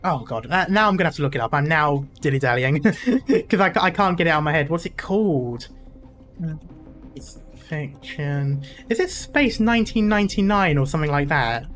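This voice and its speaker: A streamer chatting loosely through a playthrough, drifting off topic and laughing along the way. The voice sits at a middling pitch. Soft game music plays faintly underneath. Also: lively intonation, normal speed. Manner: chatty, rambling, laughs often. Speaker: gaming streamer. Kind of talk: casual playthrough commentary.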